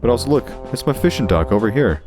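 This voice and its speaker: A man giving casual, jokey gameplay commentary, animated and quick to yelp at his mishaps. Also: mid-range voice, music in the background. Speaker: gaming creator.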